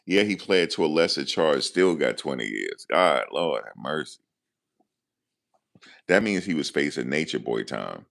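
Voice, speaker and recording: A man's voice: a bass voice, sing-song, unhurried, vocal fry, a bit bright. A man hosting a live stream, chatting casually and jokingly. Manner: loose, joking, talks back to chat. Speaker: livestream host. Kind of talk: casual commentary to live chat.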